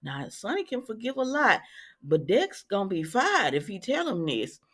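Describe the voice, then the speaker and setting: A woman hosting a casual soap opera recap, chatting and acting out the characters' lines with lively reactions. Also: mid-range voice, normal speed, breathy edge. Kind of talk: casual chat.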